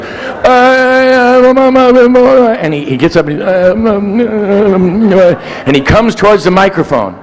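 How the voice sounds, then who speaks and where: A man's voice: medium pitch, big-room sound, rough recording. A man in his sixties telling a long, rambling anecdote, acting out voices and sounds as he digresses. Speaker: guest storyteller.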